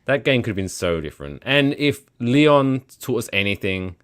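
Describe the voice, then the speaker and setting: A man's voice: mid-range voice, sing-song, normal speed, a bit bright, smooth. A man co-hosting a podcast in casual chat, upbeat and teasing his co-host.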